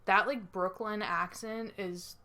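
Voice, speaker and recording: A young woman from Kansas co-hosting a podcast, telling stories in a dry, deadpan way. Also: mid-range voice, takes it slowly. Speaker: podcast co-host. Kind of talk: casual chat.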